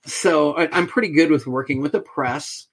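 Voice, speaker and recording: A middle-aged man tells a story as a podcast guest, in a voice that sits a little high for a man. He acts out each side of the conversation, changing his voice for each speaker. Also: normal speed, slightly rough. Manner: animated storyteller, acts out quoted exchanges.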